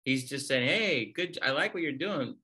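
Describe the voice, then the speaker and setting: Bright-toned man tossing out quick wisecracks. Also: mid-range voice, expressive. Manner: quick wisecracks, reflective advice. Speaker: comedian guest. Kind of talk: casual chat.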